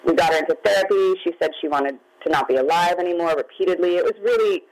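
A middle-aged woman, a guest who founded a magazine, tells her personal story openly and emotionally, holding back tears at times. Her voice is on the low side, fast and darkish in tone. The audio is poor.

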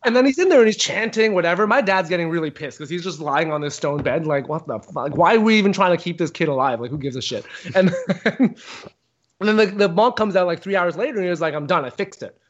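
A man in a casual podcast chat, telling a long story animatedly with profanity and quoted voices. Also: quick pace. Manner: animated, profane, acts out quotes with big pitch jumps. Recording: dull lo-fi sound.

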